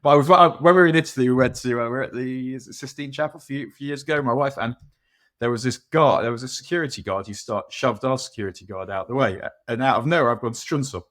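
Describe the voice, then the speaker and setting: A man's voice: mid-range voice, quick pace, fairly bright tone. A man co-hosting a football podcast, talking in a rambling, self-mocking way with many restarts. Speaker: podcast co-host. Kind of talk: casual football chat.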